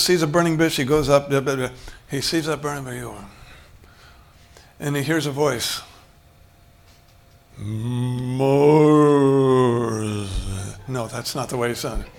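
A man's voice: on the high side, fairly even intonation, moderate pace, fairly bright tone. Man preaching a conversational sermon. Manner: conversational preaching, acts out dialogue, chuckles often. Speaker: pastor.

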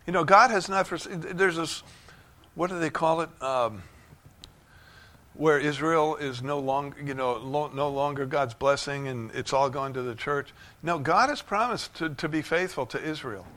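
Male pastor, fervent sermon delivery, bright forward tone, dynamic swings from hush to shouts. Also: moderate pace. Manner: fervent, rising to shouts of joy then dropping low. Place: church sanctuary.

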